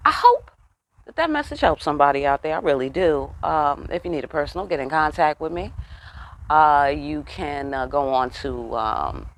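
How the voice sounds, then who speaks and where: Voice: medium pitch, animated, moderate pace. A tarot reader giving a casual spiritual reading, talking bluntly with lots of cursing and rhetorical questions. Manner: profane, emphatic, streetwise; asks the listeners rhetorical questions.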